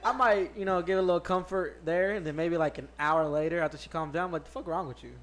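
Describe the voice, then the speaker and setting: Easygoing blunt guy, a bit higher. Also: steady tone, fast talker. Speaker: podcast co-host. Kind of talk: casual podcast banter.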